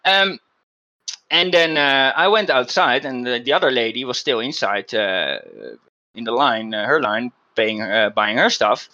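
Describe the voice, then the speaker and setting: A man's voice: medium pitch, unhurried, bright, forceful tone, lo-fi sound. A man hosting a podcast, telling a story in a casual, emphatic way with frequent restarts. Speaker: podcast host.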